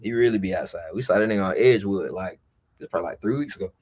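A man's voice: low-pitched, racing, darkish tone, husky. A man chatting as a podcast guest, telling loose, profane stories in a laid-back way. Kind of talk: casual storytelling chat.

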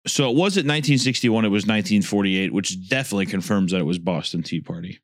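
A man co-hosting a casual podcast, animated as he reads out trivia. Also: fairly low pitch, quick pace, no room sound, clean studio sound. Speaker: podcast co-host.

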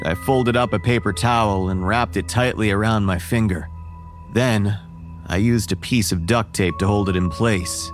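A man narrating a first-person horror story in a measured, wary tone. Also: lowish voice.

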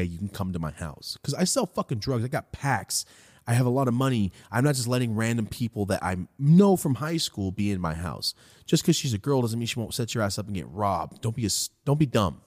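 A man hosting a podcast, telling a story in a loose, profane, rambling way while high. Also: darkish tone, no room sound, clean studio sound. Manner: profane, rambling, laid-back. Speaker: podcast host. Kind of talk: casual storytelling.

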